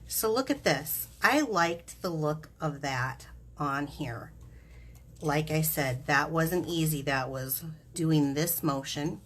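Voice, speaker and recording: A woman's voice: low-pitched, expressive, takes it slowly, fairly bright tone. A woman hosting a live craft demonstration, chatty and giggly, explaining each step as she works.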